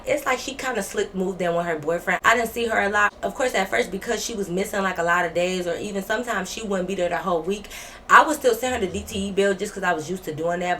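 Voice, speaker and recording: A young woman vlogger telling a story in a casual storytime style, blunt, profane and animated. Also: mid-range voice, slight background noise.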